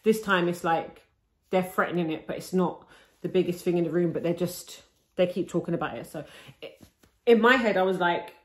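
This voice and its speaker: In a roomy, echoing space, a young vlogger chats breathlessly to her self-filming camera about her labour, tripping over likes and restarts in casual storytime fashion. She has a fairly low-pitched voice and talks a little fast.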